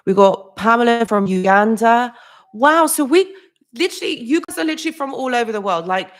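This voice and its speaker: A woman hosting a psychology live stream, chatting casually, greeting viewers by name, and leaning on "literally" and "like". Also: mid-range voice. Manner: loose, with frequent restarts and small laughs. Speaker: psychology channel host.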